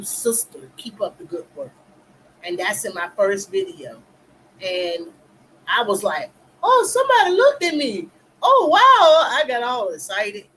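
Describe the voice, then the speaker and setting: A woman's voice: lowish voice, fairly bright tone, slight background noise, low-quality recording. Chatty middle-aged woman hosting a live stream. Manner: chatty, greets viewers in the chat by name. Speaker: livestream talk show host. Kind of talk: casual live chat.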